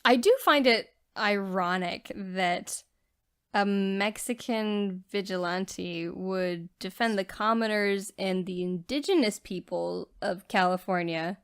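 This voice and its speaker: A woman co-hosting a laid-back film podcast, cracking teasing jokes and then turning reflective. Her talk is conversational and relaxed, an easy back-and-forth with her co-host. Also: medium pitch, slow pace, clear, resonant tone. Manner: playful teasing, thoughtful asides. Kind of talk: casual movie review chat.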